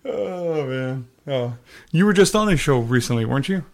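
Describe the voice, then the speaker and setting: A man's voice: medium pitch, expressive, moderate pace, vocal fry, no room sound. A man hosting a podcast, chatting loosely with many fillers and a ready laugh. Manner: easygoing, filler-heavy, laughs often. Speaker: podcast host. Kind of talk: casual chat.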